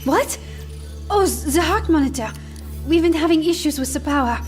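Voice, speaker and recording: A gentle young woman with a high voice. She sounds soft, hesitant and earnest. This is a video game cinematic. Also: animated, normal speed, soft background music. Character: kind, shy young woman, gentle helper.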